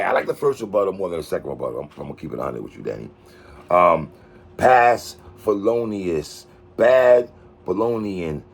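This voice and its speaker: A man hosting a casual battle rap recap, slangy and animated, getting excited over lines he likes. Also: on the low side, creaky, slightly rough. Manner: animated, slangy, excited outbursts about bars.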